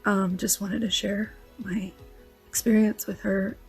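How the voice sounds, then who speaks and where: A woman's voice: medium pitch, level tone, unhurried, gravelly, breathy edge, faint music behind. A woman leaving a rambling, heartfelt voice message for a relative. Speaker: vlogger.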